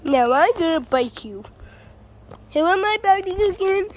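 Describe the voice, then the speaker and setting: High-voiced woman narrating toy play. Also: measured pace. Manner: silly and repetitive, chanting phrases. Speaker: vlogger playing with plush toys. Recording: steady background noise.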